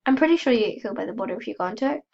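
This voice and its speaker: Fighting a cold, this female gaming host talks very fast over casual gameplay, poking fun at herself and letting out gasps and squeals when something startles her. Her slightly high voice is creaky with lively intonation, and the highs are cut off.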